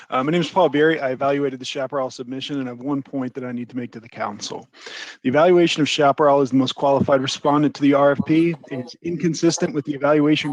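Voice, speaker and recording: A man's voice: on the high side, no echo, low-quality recording. A man giving an assertive, critical public comment at a city council meeting from a prepared statement.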